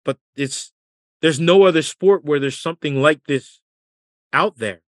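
A man and former caddie and comedian, telling lively stories as a podcast guest and laughing as he goes. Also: on the high side, a little slow, dry recording, studio quality. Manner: lively storyteller, laughs through his anecdotes. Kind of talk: casual storytelling interview.

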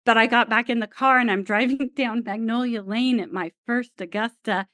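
A woman guest on a podcast, telling a story in an animated way and acting out the voices in her dialogue. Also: on the high side, normal speed, no echo. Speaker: guest, former TV crew member.

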